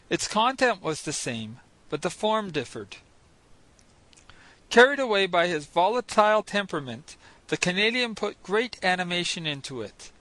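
A man reads a novel in the first person as an audiobook, measured and expressive. His voice sits high and bright, and the recording is close and dry. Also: no room sound, rough recording. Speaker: audiobook narrator. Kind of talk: scripted first-person narration.

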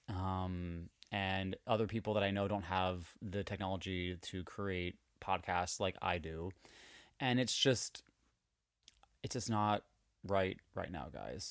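A man's voice: lowish voice, a bit bright, dry recording, clean studio sound. A man hosting a podcast in a candid, emotional monologue, swearing freely as he rants. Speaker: podcast host. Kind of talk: casual podcast chat.

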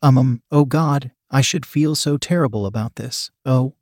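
Brief: a breathless married woman, read by a man in a dry, close erotic audio story, mid pitch. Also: moderate pace, darkish tone, dry recording, close to an everyday voice. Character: adult married woman, guilty yet eager.

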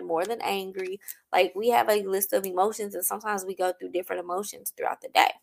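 Gravelly-voiced woman sharing her story. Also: medium pitch, sharp tone. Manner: candid, heartfelt, emphatic repetition. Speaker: podcast host. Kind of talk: personal storytelling talk.

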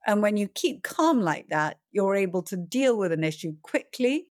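A middle-aged woman, a film producer, answering interview questions in a calm, reflective way, sometimes acting out a panicked voice. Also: mid-range voice, normal speed, dry recording, clean studio sound. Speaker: film producer and director, guest.

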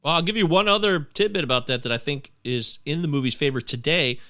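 A man's voice: a little high, quick pace, sharp tone. A man from Michigan hosting a casual film discussion podcast, blunt and profane. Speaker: podcast host.

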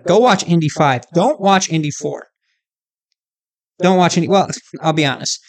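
A man hosting his own podcast, chatting casually and with animation, often checking in with the listener. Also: on the high side. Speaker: podcast host. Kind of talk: casual solo podcast chat.

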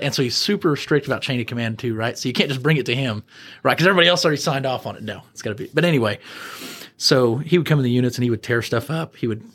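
A man, a former prison officer, telling animated anecdotes on a podcast and chuckling as he acts out what people said. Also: mid-range voice. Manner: animated, chuckling storyteller who acts out quotes. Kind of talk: casual anecdote storytelling.

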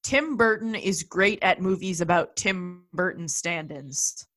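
A woman's voice: fairly low pitch, a little slow, fairly bright tone. A young woman co-hosting a movie podcast, wry and thoughtful with dry humor. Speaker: podcast co-host. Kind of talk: casual movie chat.

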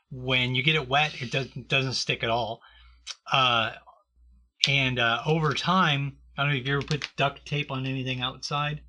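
A man's voice: mid-range voice, sharp tone, slight background noise. A man hosting a casual, joking chat with a co-host, laughing often.

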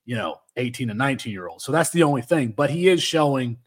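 A man's voice: mid-range voice, lively intonation, fast, breathy edge. A man hosting a sports podcast in casual chat, rambling with many restarts. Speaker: podcast host.

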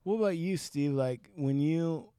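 A man's voice: fairly high pitch, measured pace, dark tone, clear, resonant tone, no echo, clean studio sound. A man hosting a casual podcast interview, asking curious, probing questions and swearing casually. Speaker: podcast host.

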